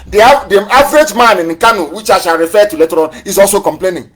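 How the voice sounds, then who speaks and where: Man, raised pitch, fiery live broadcast address, hammers points with repeated questions and taunts. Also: fast talker, hardly any pauses. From southeastern Nigeria. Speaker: movement leader on a live broadcast.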